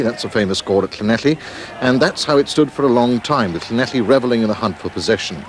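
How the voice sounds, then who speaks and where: Man, match report voice-over, measured, crowd noise behind, noisy track. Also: mid-range voice. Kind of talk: scripted match report narration. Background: stadium crowd.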